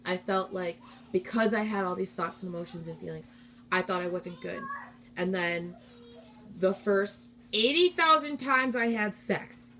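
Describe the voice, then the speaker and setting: A woman's voice: medium pitch, measured pace, fairly bright tone. A young adult woman talks straight to her live-stream viewers in a loose, rambling way. She is candid and heartfelt, casual and unguarded as she goes.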